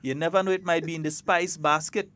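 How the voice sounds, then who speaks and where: Brief: Grenadian male radio host, fairly high voice, playful and chatty. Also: steady tone, quick pace, a bit bright. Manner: chatty, playful, mixes creole with standard English. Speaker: radio talk show host. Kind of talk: casual morning radio chat.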